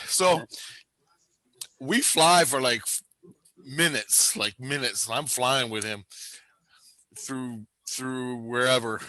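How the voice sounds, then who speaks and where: A man's voice: mid-range voice, takes it slowly, pauses often, sharp tone, no room sound. A man telling a rambling, profane story in casual chat, laughing often.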